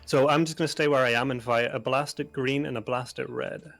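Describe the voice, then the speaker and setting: A man playing in a tabletop game, joking in a dry, deadpan way. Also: medium pitch, brisk, vocal fry, soft background music. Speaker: player. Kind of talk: casual tabletop game chat.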